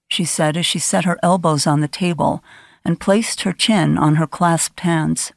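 A woman reads an audiobook in a measured, grave storytelling voice. Her pitch sits on the low side. The recording is dry and close, with no room sound. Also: steady tone, creaky, no room sound. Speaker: audiobook narrator. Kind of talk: scripted narration.

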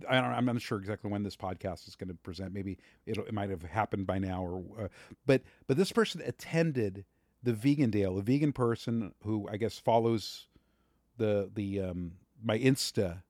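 A man's voice: fairly low pitch, normal speed, darkish tone, no room sound, studio quality. A man co-hosting a podcast, arguing his point passionately and raising his voice in a heated debate. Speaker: podcast co-host.

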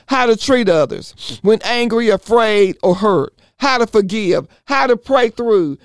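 A man's voice: high-pitched, no echo, studio quality. A man leading a Bible study, preaching earnestly in rhythmic runs of repeated phrases. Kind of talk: preaching sermon.

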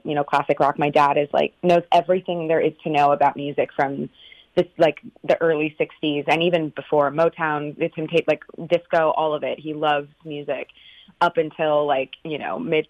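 A woman from Northern California, a stage actress, telling stories in an animated, chatty way during an interview. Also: sits low, dry recording, highs cut off. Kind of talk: casual interview chat.

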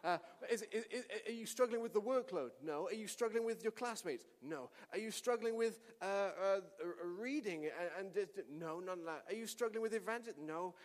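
High-voiced preacher in a reverberant hall. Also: male voice, brisk, hardly any pauses. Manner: animated storytelling, shouting at climaxes. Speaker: pastor. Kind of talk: sermon.

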